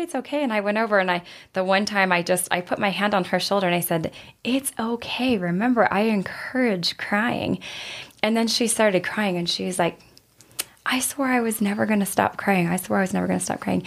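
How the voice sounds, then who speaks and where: A woman who leads healing retreats, telling an earnest story in a casual interview and acting out the quoted lines. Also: fairly low pitch. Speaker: retreat leader and healer.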